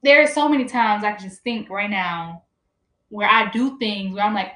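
A woman's voice: medium pitch, moderate pace, a bit bright. A young woman in college talking casually and animatedly about faith, laughing often and saying "like" a lot. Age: young adult. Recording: roomy echo.

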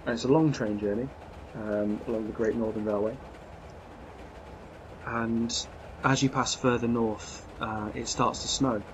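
A man narrating as game master of a tabletop role-playing game, describing scenes with frequent pauses and restarts. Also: mid-range voice, fairly even intonation. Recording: dull lo-fi sound, faint noise.

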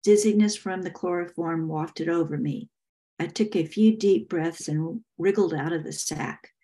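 Slow, low-voiced older woman narrating. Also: mellow. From Texas, US. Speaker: author reading her novel. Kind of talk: first-person audiobook narration.

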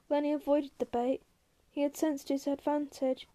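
A woman reading a novel aloud as narrator, in a plain, even reading manner. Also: sits high, normal speed. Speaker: reader. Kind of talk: audiobook narration.

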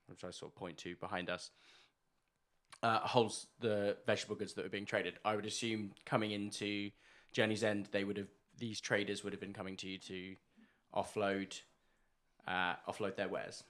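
A man's voice: sits low, level tone, moderate pace, fairly bright tone. A man talking as a player in a tabletop game, easygoing and casual.

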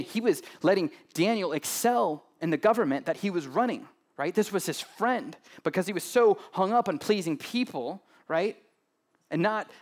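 A pastor with a voice on the high side preaches in a loose, conversational way, joking with the congregation and often tacking on "right?"

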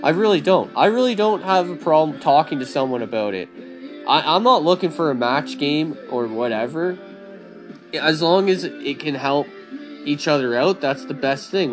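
A young man with a somewhat high voice rants casually and bluntly, swearing freely as he urges listeners to do their own thing. His delivery swings from low grumbles to loud, lively bursts. Faint music plays underneath. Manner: blunt, profane, animated motivational rant. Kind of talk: casual monologue.

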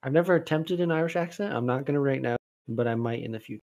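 A male podcast co-host in relaxed, casual conversation. His voice sits at an average pitch. He rambles through lots of fillers and restarts, then breaks into animated bursts. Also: quick pace. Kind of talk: casual chat.

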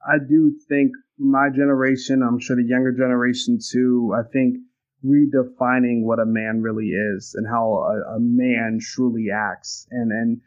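A young man talks through a personal memory in an earnest, reflective way, often circling back and restarting his sentences. His voice sits at a medium pitch. The recording sounds a little muffled and dull. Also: little pitch movement, a little slow. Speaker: guest. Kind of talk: casual conversation, storytelling.

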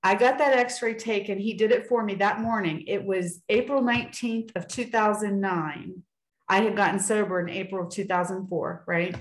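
A woman's voice: mid-range voice, moderate pace, reverberant, poor audio. A woman sharing a personal faith story in casual talk on a video call, earnest and acting out what people said. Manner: earnest storytelling with acted-out quotes.

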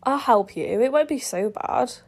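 A woman's voice: a little high, lively intonation, moderate pace, darkish tone, husky, pitched above the performer's own voice. Princess Bubblegum, prim and soothing, read by a woman. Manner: soothing, reassuring. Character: prim young princess woman, exasperated but caring. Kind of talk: reading her own fan fiction aloud.

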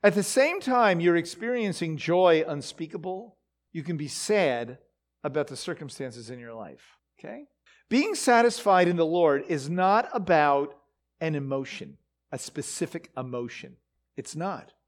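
Animated high-voiced male preacher. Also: unhurried. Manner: animated, talks to the audience with frequent fillers and rhetorical questions. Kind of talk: conversational sermon.

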